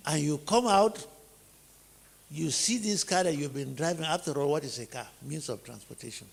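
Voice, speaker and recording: Nigerian man, sermon-style teacher, rough husky voice, fairly high, booming reverb of a big hall. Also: moderate pace. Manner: rhetorical questions, emphatic repeated phrases. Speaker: teacher preaching on family life.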